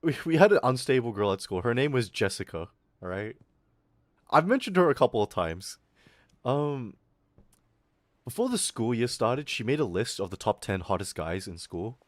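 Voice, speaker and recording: A young man streaming, telling a school story in a casual, animated, swearing way. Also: medium pitch, moderate pace, no room sound.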